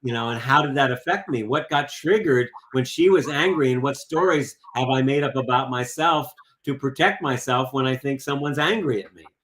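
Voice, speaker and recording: A man's voice: mid-range voice, normal speed, few pauses, a bit bright. A man in casual conversation, speaking reflectively with frequent restarts. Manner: reflective, searching, many restarts.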